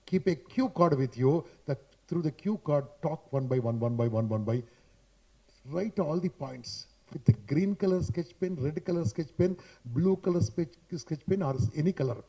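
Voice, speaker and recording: A man's voice: on the high side, animated, normal speed, dark tone, muffled recording. A man with an Indian English accent giving an emphatic, repetitive motivational talk on public speaking to a live audience in a hotel hall, speaking into a handheld mic and tagging points with "boss". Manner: chatty, addresses listeners directly.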